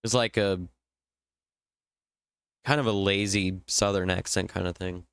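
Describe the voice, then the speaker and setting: A man's voice: deep voice, steady tone, unhurried, gravelly, a bit bright, smooth, no room sound, clean studio sound. A young man from Indiana who hosts a livestream, chatting casually and thinking aloud with lots of fillers. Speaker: livestream host. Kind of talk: casual stream chat.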